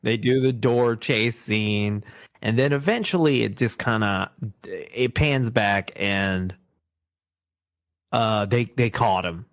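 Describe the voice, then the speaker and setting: A man's voice: lowish voice, slow, no room sound. Laughing man retelling a cartoon, dry sound. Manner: laughing, animated retelling with quoted voices. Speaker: podcast host. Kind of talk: casual chat.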